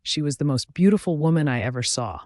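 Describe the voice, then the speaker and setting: A man's voice: fairly high pitch, animated, fast talker, a little mellow, no echo, clean studio sound, close to an everyday voice. A man voicing a rich young husband, curt and bitter, reading the role in an audiobook. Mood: grieving.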